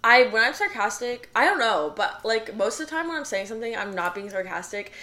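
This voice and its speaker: A woman's voice: a little high, lively intonation, a little fast, bright, forceful tone. A young woman co-hosting a podcast, chatting casually, rambling and repeating her catchphrases. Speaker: podcast co-host. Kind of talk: casual chat.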